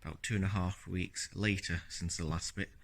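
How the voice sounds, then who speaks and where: Low-voiced man, rambling and relaxed. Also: moderate pace, creaky. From Scotland. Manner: relaxed, rambling, many fillers and "yeah"s. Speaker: car-repair vlogger. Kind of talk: casual video diary narration.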